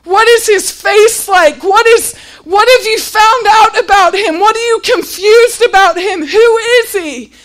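A woman with a very high voice preaching a heartfelt sermon. She pushes her voice up to near shouting and sounds close to tears as she presses question after question. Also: a little slow, hardly any pauses. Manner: impassioned, often near tears and raising her voice; repeats rhetorical questions.

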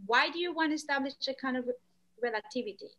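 A woman artist talking as a podcast guest, lively, acting out quoted voices. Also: fast talker. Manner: animated, acts out quoted voices with pitch jumps. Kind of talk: conversational podcast interview.

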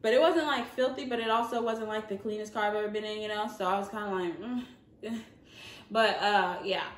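A young woman with a Southern American accent, telling a casual storytime vlog in an animated way, laughing and using many fillers. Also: mid-range voice, a little fast. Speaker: vlogger. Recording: echoey room.

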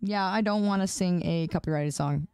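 A woman's voice: on the low side, normal speed, darkish tone, smooth, no echo, clean studio sound. Tired, playful woman streamer. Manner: playful, teasing, pleading and rambling. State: tired, sleep deprived. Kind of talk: casual live-stream chat.

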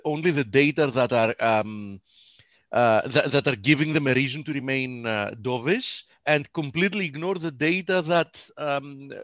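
A man from Greece giving measured market opinions as co-host on a webinar. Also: mid-range voice, fairly bright tone, no room sound. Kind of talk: casual market commentary. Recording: dull, dry webinar audio.

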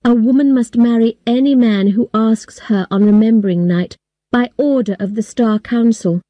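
A woman reading a story aloud slowly and clearly for English learners. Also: fairly high pitch, no room sound. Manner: slow, clear, even storytelling. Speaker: story reader. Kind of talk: slow scripted narration for English learners.

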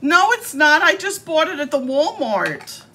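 This woman's voice sits high and swings widely as she plays along with a scammer on her live stream. She teases and hams it up in a theatrical, playful way. A faint hum of ambience sits behind her. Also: very animated, measured pace, sharp tone. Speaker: scam-baiting live streamer. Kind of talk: casual live-stream talk.

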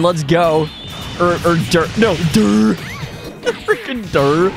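A young man giving excited, swearing live commentary on computer fights, laughing often and tripping over his words. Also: high voice, slow, vocal fry, soft background music. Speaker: gaming video host.

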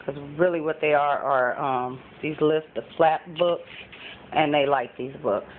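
A mom vlogging at home talks through her thrift haul in a deep, steady voice at a measured pace, with lots of ums along the way. It's a casual show-and-tell chat, recorded with phone-like lo-fi quality and faint background noise.

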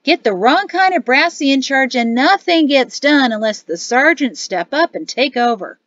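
A woman reading an audiobook voices a loud, boastful male army staff sergeant who grumbles at his superiors, in a slightly dull, dry studio recording. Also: very high-pitched, animated, normal speed, no echo, pitched above the performer's own voice. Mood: griping loudly.

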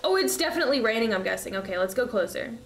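A young woman races through her words in a fairly high, expressive voice while streaming a horror game. Her commentary is casual, full of swearing and shrieking laughter when she gets scared. The recording has room echo and faint noise.

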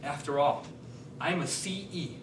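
A man giving a humorous contest speech, telling a story with deadpan punchlines. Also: a little high, a little slow, slight background noise. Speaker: contest speaker. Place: hall on stage before a laughing audience. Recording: echoey hall, mic at a distance.

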